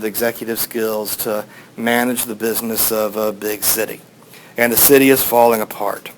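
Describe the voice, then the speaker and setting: A man's voice: medium pitch, a little hiss or hum, poor audio. A man teaching a class, telling an old story in a rambling, casual way with many fillers. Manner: rambling, with fillers, playing voices in quotes.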